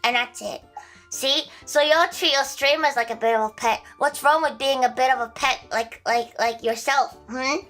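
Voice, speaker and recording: Playful high-voiced young woman streamer. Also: normal speed, a bit bright, soft background music. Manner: playful, giggly, chaotic, jokingly crude. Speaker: livestreamer. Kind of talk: casual livestream chat.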